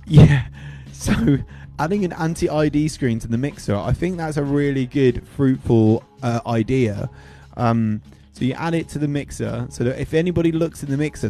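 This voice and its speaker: DJ host, jokey rambling chat, mellow dark tone, faint music underneath. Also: male voice, mid-range voice. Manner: rambling, jokey, swears a lot, trails off into asides. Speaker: DJ livestream host. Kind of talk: rambling joking livestream chat.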